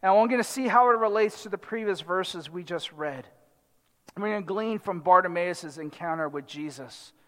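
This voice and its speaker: High-voiced man preaching in a hall. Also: moderate pace. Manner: animated, dramatizes the crowd and the blind man in quotes. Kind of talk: expository sermon. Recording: long hall reverb.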